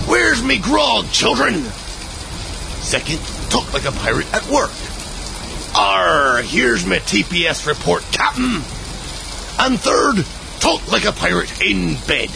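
A man playing a boisterous, rowdy pirate captain in a comic public service announcement, with gravelly growling pirate talk. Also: high-pitched, full character voice. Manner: bawdy, theatrical announcer delivery. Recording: rain and ambient noise behind.

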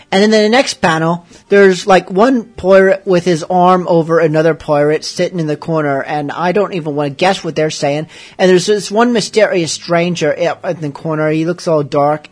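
A man hosting a late-night show, chatting casually with rambling, joking asides. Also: fairly high pitch. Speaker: radio show host.

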